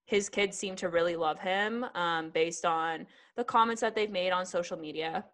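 A woman's voice: fairly low pitch, moderate pace, a bit bright. A woman hosting a podcast, chatting casually, sassy and swearing freely as she tells a story. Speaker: podcast host. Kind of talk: casual chat.

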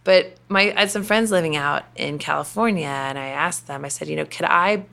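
Low, gravelly and fairly bright, this middle-aged Kentucky woman speaks fairly quickly with a Southern accent. She's a company president being interviewed, chatting her way through her story with lots of fillers.

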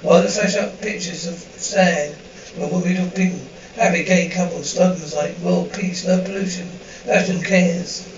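A woman's voice: on the low side, normal speed, a little mellow, slight background noise, close to an everyday voice. Woman playing a gushing fashion PR woman. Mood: bossy. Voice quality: gushing, peppers everything with darling and sweetie. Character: frantic gushing middle-aged fashion PR woman. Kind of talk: sitcom acting. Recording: roomy distant dull TV audio.

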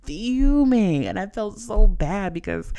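Smooth-voiced woman telling a story. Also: rumbling low, moderate pace. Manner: chatty, animated, heavy use of "like" and "you know". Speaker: podcast host. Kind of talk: casual storytelling monologue.

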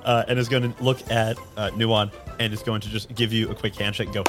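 A man's voice: on the low side, little pitch movement, quick pace, a bit bright, soft background music. A man player narrating his character's actions in a tabletop game, hesitant and full of fillers.

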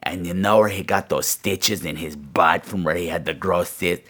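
A man voicing a gleeful, vicious male gargoyle on a comedy podcast, gloating and swinging between shrill squeals and low growls. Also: moderate pace, fairly bright tone, breathy edge. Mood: menacing. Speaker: podcast host. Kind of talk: comedy podcast character monologue.

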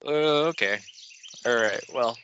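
A man's voice: mid-range voice, steady tone, a little slow, pushed and bright, lo-fi sound, slight background noise. A man co-hosting a podcast, teasing and arguing back, swearing casually. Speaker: podcast co-host. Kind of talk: casual wrestling talk.

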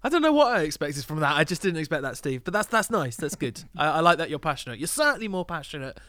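A man co-hosting a music review show, talking through an album in a measured, analytical way and laughing easily. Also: on the high side, big pitch swings, pushed and bright, no echo, clean studio sound. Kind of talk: casual chat.

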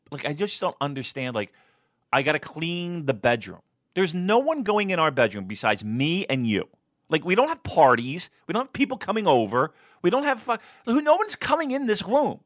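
Animated, swearing man with a bright voice. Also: no echo, studio quality. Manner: animated, swears a lot, mimics his wife in a high voice. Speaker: podcast co-host. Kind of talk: casual chat, profane storytelling.

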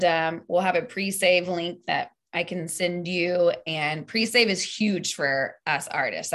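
A young woman, a singer-songwriter guest, chatting openly and laughing often in a casual interview. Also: fairly low pitch. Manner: open, animated, laughs often.

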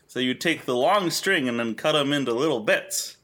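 A man's voice: mid-range voice, expressive, normal speed, fairly bright tone. A man co-hosting a podcast, telling rambling stories with crude jokes. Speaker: podcast co-host. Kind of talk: casual podcast banter.

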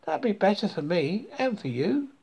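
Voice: medium pitch, big pitch swings, normal speed, husky, pitched above the performer's own voice. A reader voicing a kind little mouse. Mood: gentle. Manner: gentle, rhyming storybook voice. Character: kind helpful male mouse.

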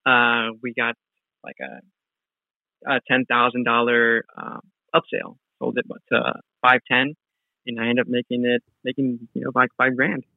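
A man's voice: medium pitch, fairly even intonation, measured pace, gravelly, dry recording. A man, a real estate wholesaler, telling a story in a casual interview with many fillers and restarts. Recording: tinny phone-like sound.

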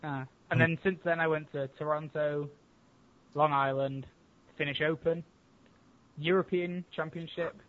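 A man of about twenty from Leeds, a podcast guest giving short, dry, laid-back answers. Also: fairly high pitch. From Leeds, England. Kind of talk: casual chat. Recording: thin phone-like call audio.

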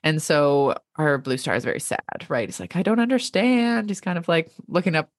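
Brief: thirties woman co-host, low animated voice, dry close mic, laughs easily. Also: fairly quick, dry recording. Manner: expressive, lively, laughs often, reads quotes aloud. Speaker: podcast co-host and literary agent. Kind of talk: casual podcast chat.

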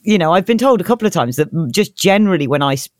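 A man's voice: sits high, lively intonation, fast talker, no echo, clean studio sound. A man co-hosting a podcast in casual chat, self-deprecating and laughing mid-sentence. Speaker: podcast co-host.

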